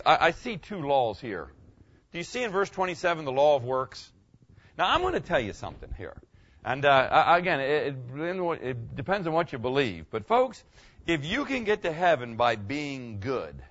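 Preaching to his congregation in a church sanctuary, a middle-aged man with a mid-range, fairly bright voice speaks conversationally, repeats phrases, and asks questions of his listeners. It's a dull lo-fi recording.

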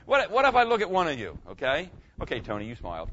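A middle-aged pastor preaches to his congregation in a church sanctuary, conversationally repeating phrases and putting questions to his listeners. His voice is on the high side and a bit bright, with huge pitch swings and fast speech, on a dull lo-fi recording.

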